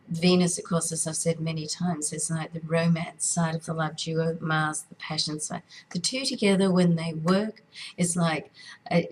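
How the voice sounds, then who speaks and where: Croaky-voiced woman astrologer, chatty. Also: low-pitched, slight background noise, poor audio. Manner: chatty, with many fillers and restarts. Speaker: astrologer hosting a weekly horoscope. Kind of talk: casual spoken horoscope forecast.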